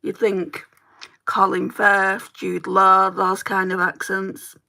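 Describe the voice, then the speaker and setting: Speaking at a medium pitch in a monotone, this Northwest English woman talks slowly while she does her makeup on a chatty beauty livestream and answers comments from viewers. Her voice is creaky and bright, with a forceful edge.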